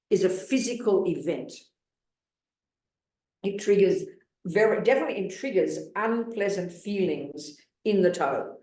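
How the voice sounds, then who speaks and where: A Buddhist nun in her seventies gives a dharma talk in a fairly low, slightly mellow voice. She's blunt and emphatic, pressing listeners with rhetorical questions, and the recording has a roomy hall sound.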